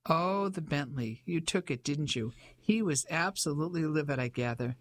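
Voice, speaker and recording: A man's voice: fairly high pitch, expressive, moderate pace, a bit bright. An audiobook narrator voicing a genial young Englishman who talks in a cheerful, clipped way.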